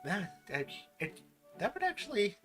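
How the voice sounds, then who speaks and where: A man hosting a casual stream, telling animated stories and laughing often. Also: high-pitched, moderate pace, soft background music. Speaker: streamer host. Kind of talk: casual chat.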